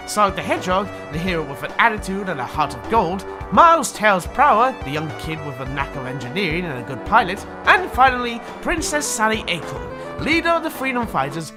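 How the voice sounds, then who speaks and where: A video reviewer giving casual, opinionated, sarcastic commentary. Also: medium pitch.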